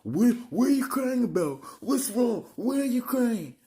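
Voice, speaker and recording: A man doing a nagging, shrill mother. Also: big pitch swings, unhurried, warm tone, full character voice. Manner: lecturing, then shrill and pestering. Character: nagging, scolding middle-aged mother.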